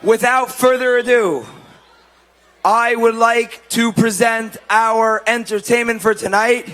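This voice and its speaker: A man's voice: very high-pitched, steady tone, takes it slowly, pushed and bright, poor audio. A man emceeing a banquet, repeatedly urging everyone to take their seats before introducing the entertainment. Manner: repeatedly urges the crowd to sit, building up the introduction. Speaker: event emcee. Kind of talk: announcing at a banquet.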